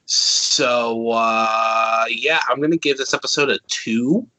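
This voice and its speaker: A man casually reviewing a cartoon episode, animated and ranting, swearing freely as he talks. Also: mid-range voice, slow pace, rough recording.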